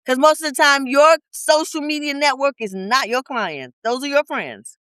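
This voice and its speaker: Woman, podcast business coach, high bright voice, emphatic, blunt, rhetorical questions. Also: normal speed, no room sound, poor audio. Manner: colloquial, blunt teaching tone. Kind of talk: podcast interview. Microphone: podcast studio mic.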